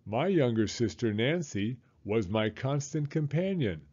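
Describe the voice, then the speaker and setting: Man reading as a white-haired old lady neighbor, overly loud and slow with kids, husky tone, dull lo-fi storybook take. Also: medium pitch, expressive. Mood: doting.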